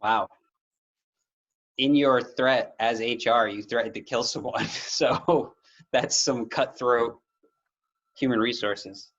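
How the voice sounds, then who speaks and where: A man's voice: medium pitch, steady tone, slow, long pauses, fairly bright tone. A man chatting casually with dry jokes over a video call while organizing a tabletop game as its game master. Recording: muffled video call audio.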